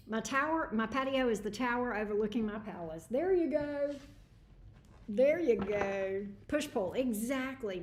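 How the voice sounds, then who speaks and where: A woman's voice: on the high side, lively intonation, normal speed, a little hiss or hum. Chatty woman tarot reader, echoey room. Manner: chatty, greets viewers by name. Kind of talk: livestream tarot reading.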